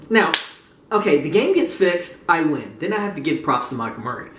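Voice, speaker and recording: A man's voice: fairly high pitch, big pitch swings, normal speed, a bit bright, recorded from a distance, slight background noise. Gleeful, swearing man ranting in an echoey room. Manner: gleeful, mocking, laughs often, swears freely. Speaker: gaming community vlogger. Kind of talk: casual profane rant. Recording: roomy, voice away from the mic.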